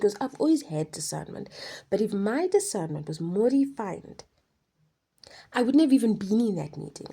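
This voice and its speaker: A woman speaks in a husky, dark voice while sharing a personal faith testimony. She talks with passion, sinking into soft whispers and then landing heavy emphasis on key words. Her low voice carries a gravelly edge. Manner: passionate, emphatic, swings between hushed whispers and forceful stresses.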